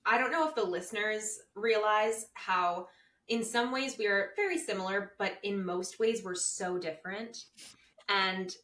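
A woman's voice: medium pitch, a little slow, fairly bright tone, distant mic, poor audio. A young adult woman co-hosting a casual podcast chat, playful and self-mocking, laughing often. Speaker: podcast co-host.

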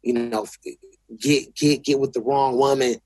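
Husky, profane Los man. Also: mid-range voice, fairly even intonation, normal speed, darkish tone, no room sound. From South Central Los Angeles. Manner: blunt, profane, restarts often. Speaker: guest. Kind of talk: casual interview talk.

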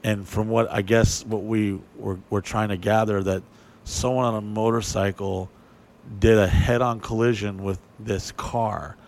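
A man casually telling a story, animated and profane, acting out what people said in a raised voice. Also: fairly low pitch, a little slow.

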